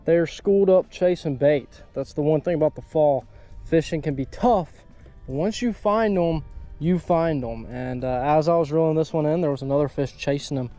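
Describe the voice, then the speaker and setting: Excitable young man fishing outdoors. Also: fairly high pitch, moderate pace, soft background music. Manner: excitable, hyped up when hooking fish. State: out of breath. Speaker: fishing channel host. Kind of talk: casual outdoor vlog narration. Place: outdoors on a lake bank.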